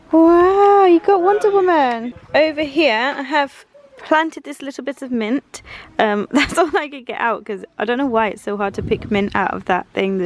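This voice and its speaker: In this rough recording with a little background noise, a mid-range female voice carries a casual home vlog. She's a young vlogger and mom, talking to the camera around her house and garden in a chatty, cheerful way and laughing a lot.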